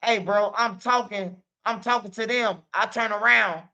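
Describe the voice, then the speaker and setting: A man's voice: high voice, steady tone, normal speed, gravelly, bright, forceful tone. A man hosting a stream, talking in a loose, slangy, rambling monologue full of "man" and "bro". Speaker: streamer host.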